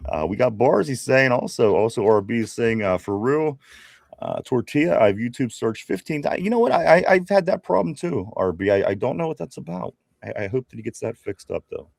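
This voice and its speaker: A man's voice: mid-range voice, animated, fairly quick, vocal fry, darkish tone, no echo. Man, pittsburgh accent, podcast co-host, reading chat comments, dry close mic. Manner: reads viewer comments aloud, chatty, many fillers and restarts. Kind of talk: casual live-stream chat.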